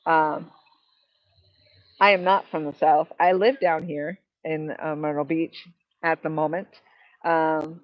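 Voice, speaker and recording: A woman's voice: sits low, steady tone, slow, long pauses, no echo. Woman host, casual rambling live-stream chat, dry muffled headset sound. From New Hampshire, New England. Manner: rambling, chatty, reads viewer comments aloud. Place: outdoors by the water. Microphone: Bluetooth headset.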